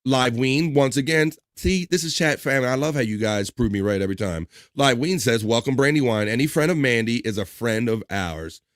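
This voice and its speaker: A man's voice: mid-range voice, a little fast, few pauses, dry recording, studio quality. A man hosting a live stream, reading viewer messages aloud in a casual way with crude jokes and chuckles.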